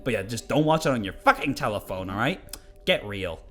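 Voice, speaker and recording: A man's voice: medium pitch, very animated, a little fast, fairly bright tone, soft background music. A young man talking loosely over gameplay as a commentator, rambling and swearing, with many filler words. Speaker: gaming commentator. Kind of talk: casual game commentary.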